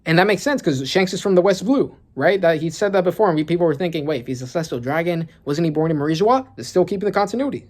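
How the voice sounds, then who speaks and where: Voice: mid-range voice, fast talker, few pauses. A young adult reacting to a new manga chapter in casual commentary, reading panels aloud with gasps, laughs and a lot of fillers. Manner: excitable, gasping and laughing, lots of fillers.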